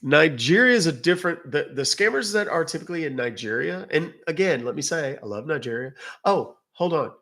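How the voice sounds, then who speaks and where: A man's voice: fairly high pitch, lively intonation, fairly quick, hardly any pauses, fairly bright tone. A man from England with a British accent, hosting a livestream and chatting loosely with viewers in a rambling, self-interrupting way. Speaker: livestream host. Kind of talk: casual livestream chat answering viewers.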